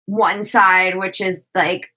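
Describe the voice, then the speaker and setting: A woman guest speaks in a bright, forward voice, weighing her thoughts aloud in relaxed podcast chat. She often leans on fillers like "like" and "you know" as she talks things through. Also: mid-range voice, slow pace, rough recording. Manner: reflective, frequent "like" and "you know". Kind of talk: casual conversational interview.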